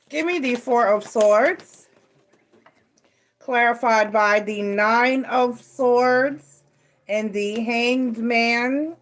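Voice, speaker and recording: Chatty woman reading tarot. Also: a little high. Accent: Southern American. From New York. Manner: chatty, laughs often, asides to a child. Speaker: tarot reader.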